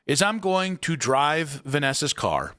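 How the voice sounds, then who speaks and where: A man's voice: on the high side, measured pace. A man in his forties hosting a sports radio show, telling joking stories in casual banter from a studio. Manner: animated, joking storyteller.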